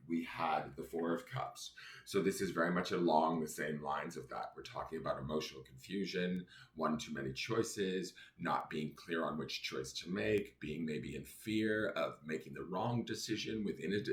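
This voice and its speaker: Angry deep-voiced man reading tarot. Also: moderate pace, fairly bright tone. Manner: angry, venting between explanations. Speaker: tarot reader. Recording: echoey room, faint noise.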